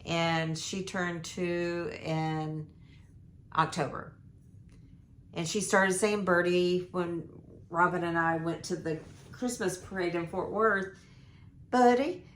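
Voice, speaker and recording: Older lady, voice going hoarse, slow rambly vlog talk full of ums, echoey room. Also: on the low side, steady tone, fairly bright tone, a little hiss or hum. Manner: meandering, lots of ums and restarts. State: hoarse, losing her voice. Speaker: vlogger. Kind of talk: rambling casual life update.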